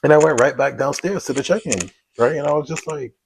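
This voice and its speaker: A man's voice: a little high, brisk, slight background noise, poor audio. A man telling his own story as a single father in a casual, emotional, conversational way with some slang. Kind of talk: casual spoken testimony.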